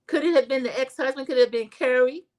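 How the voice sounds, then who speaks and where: A woman's voice: high-pitched, fast talker, a little mellow. A woman hosting a casual livestream that recaps a reality show, talking straight to her viewers as y'all and reading their chat comments aloud.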